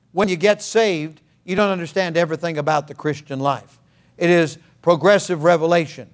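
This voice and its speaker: A fervent preacher with a high voice, delivering a sermon that climbs into shouted peaks. He is a man leading his congregation as pastor.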